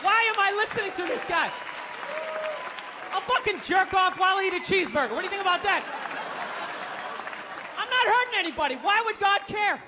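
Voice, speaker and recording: A man's voice: very high voice, animated, a little fast, long pauses, a crowd in the background, noisy background. A man doing a stand-up comedy routine on stage, ranting in an exasperated, profane way. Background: audience laughter.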